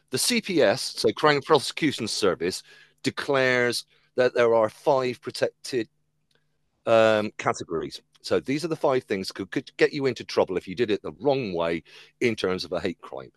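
A man hosts a casual comedy podcast in a dry, close-miked voice. His pitch climbs and dips all the time as he spins anecdotes. He slips into the voices of the people in his stories. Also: dry recording. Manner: animated storyteller who acts out quoted voices.

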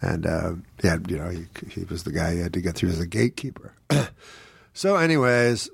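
A man's voice: low-pitched, brisk, creaky, breathy edge, dry recording, studio quality. A man, a guest comedian, telling rambling, wry anecdotes in casual talk full of fillers. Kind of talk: casual storytelling on a podcast.

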